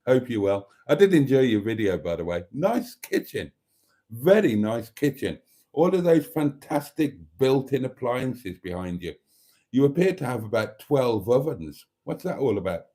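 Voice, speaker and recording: A man's voice: medium pitch, big pitch swings, moderate pace, warm tone. A middle-aged man hosting a casual live stream, reading out viewer comments and teasing them in a chatty way.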